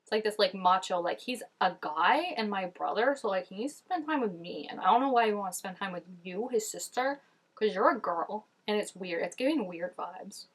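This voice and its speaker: A woman's voice: mid-range voice, lively intonation, normal speed, slightly rough. A woman hosting a reaction video, talking casually as she reacts to scenes and filling her speech with "like". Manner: chatty, frequent "like", reacting to scenes.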